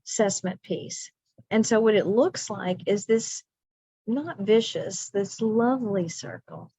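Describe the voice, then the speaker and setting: In this professional development lesson, a middle-aged woman talks teachers through their training in a conversational style, often repeating herself for emphasis. She has a slightly mellow, mid-range voice, captured in a dull, dry, lo-fi recording.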